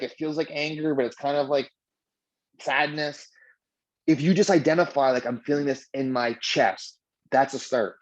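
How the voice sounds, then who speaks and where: A man leading a mindfulness training session, talking in a relaxed, conversational way with many filler "like"s. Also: medium pitch, muffled recording. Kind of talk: guided meditation workshop.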